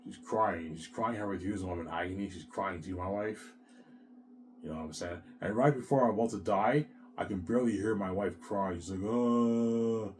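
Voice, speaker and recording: A man with a low, deep voice talks on and on in an emotional, rambling monologue. He sounds agitated and circles back to the same points, swears a lot and keeps calling the listener "man.". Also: a little hiss or hum.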